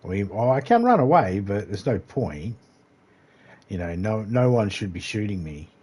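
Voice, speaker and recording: A man's voice: fairly low pitch, very animated, normal speed, a little mellow, husky. A man with an Australian accent chatting casually as he livestreams a game, rambling and laid-back, swearing now and then. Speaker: gaming livestreamer. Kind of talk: casual gameplay commentary.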